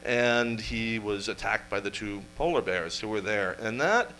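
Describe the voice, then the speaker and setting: Wry deadpan man. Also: lowish voice, slight background noise, rough recording. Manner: wry, deadpan asides with quick jokes. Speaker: storyteller presenter. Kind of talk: comic history talk to a live audience. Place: event room with live audience.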